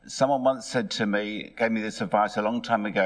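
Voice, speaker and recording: A middle-aged man preaching a sermon in church, telling the story in a lively way and putting on voices for its characters. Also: on the low side, brisk, hardly any pauses.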